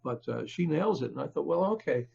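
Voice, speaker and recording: An older man, an author, talks through his work as a podcast guest, stopping and restarting often and leaning on fillers. His voice is gravelly and husky. The audio sounds dull and lo-fi. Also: on the high side, lively intonation, warm tone. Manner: halting, many fillers and restarts. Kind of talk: conversational interview.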